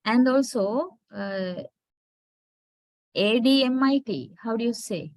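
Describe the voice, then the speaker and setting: A woman's voice: fairly high pitch, slow pace, dry recording. A woman teaching English pronunciation in a lecture, patiently spelling out words and often checking in with her students. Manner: patient, checks understanding with "right?". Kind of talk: slow classroom lecture.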